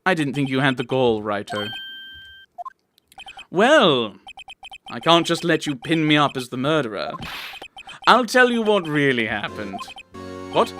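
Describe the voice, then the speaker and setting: A man's voice: medium pitch, very animated, measured pace, long pauses. A man playing through a courtroom game, reading the characters' lines aloud in his own voice and ranting about the plot. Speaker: let's player. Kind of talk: commentary while reading game dialogue aloud. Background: game music.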